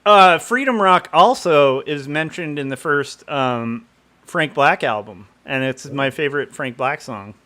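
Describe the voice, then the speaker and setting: Middle-aged male streamer, fairly high voice for a man, rambling and chatty. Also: expressive, unhurried, pushed and bright. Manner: rambling, chatty, laughs often. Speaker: livestream host. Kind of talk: casual chat.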